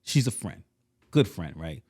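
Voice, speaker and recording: A man's voice: sits low, very animated, a little slow, a little mellow, slightly rough. A man co-hosting a casual podcast, telling emphatic stories and acting out the dialogue. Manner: emphatic storyteller, acts out dialogue. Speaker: podcast co-host.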